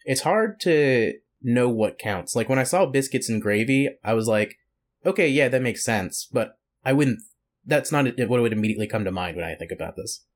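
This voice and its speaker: A man co-hosting a podcast in casual chat, easygoing and quick to laugh, often rambling. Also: medium pitch, expressive. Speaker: podcast co-host.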